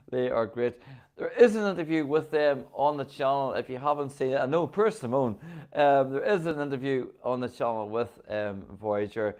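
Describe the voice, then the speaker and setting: This man hosts a casual video, chatting enthusiastically to camera in a Northern Irish accent and saying "um" a lot. His voice sits in the mid range and is a little mellow.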